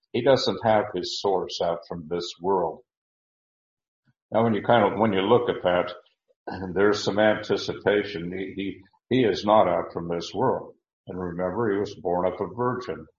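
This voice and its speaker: Man, very low voice, verse-by-verse sermon, halting restarts, echoey room. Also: highs cut off. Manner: halting, many restarts and fillers, slows to stress key words. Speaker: Bible teacher.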